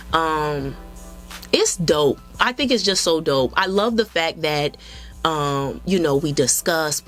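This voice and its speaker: Woman, interview guest, animated storyteller, acts out quotes, faint music underneath. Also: deep voice. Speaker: interview guest, film director and photographer.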